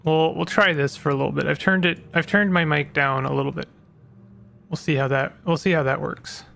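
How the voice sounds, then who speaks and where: A man's voice: a little high, steady tone, a little fast, creaky, pushed and bright. A man streaming a video game, talking casually and apologetically with lots of fillers about his microphone. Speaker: gaming streamer. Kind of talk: casual let's-play commentary. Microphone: desk microphone.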